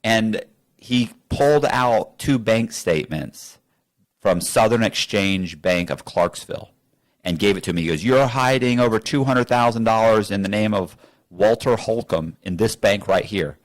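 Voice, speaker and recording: A man's voice: on the low side, unhurried. A man telling a story as an interview guest in a studio, acting out both sides of the conversations.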